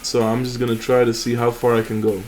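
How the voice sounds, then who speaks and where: A man's voice: medium pitch, monotone, fast talker, darkish tone, soft background music. A young man hosting a mobile game channel, chatting casually and rambling with fillers and restarts over his gameplay.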